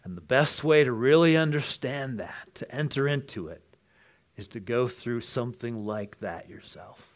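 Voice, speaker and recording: A man preaching an earnest sermon, dropping to hushed lines and then rising to loud, emphatic ones. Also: medium pitch, expressive, normal speed. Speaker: pastor.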